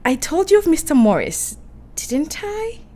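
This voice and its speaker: A woman's voice: sits high, wildly swooping pitch, measured pace, mellow, heavily acted. A woman playing a romantic, emotional young English woman in a radio play, talking in a breathless, girlish way. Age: young adult.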